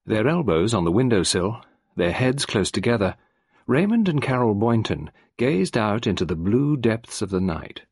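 A man narrating an audiobook in a measured, expressive way. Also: fairly low pitch, husky, dry recording, clean studio sound.

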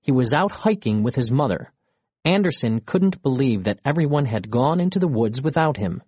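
A man narrates a children's storybook in an expressive, measured way. His voice is a little husky and moves lively up and down, recorded close with no room sound. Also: medium pitch, dry recording.

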